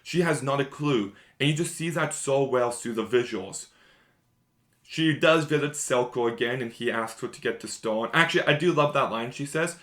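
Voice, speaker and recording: A man's voice: mid-range voice, normal speed, fairly bright tone. A man giving a casual, rambling spoiler review of a show, enthusiastic and repeating himself often.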